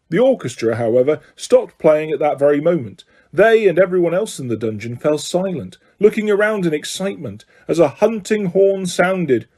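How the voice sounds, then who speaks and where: A man's voice: a little high, sing-song, moderate pace, few pauses, a little mellow. A man reading a storybook aloud as amateur narration, slipping and correcting himself now and then. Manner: slips and self-corrects, laughs. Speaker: audiobook reader.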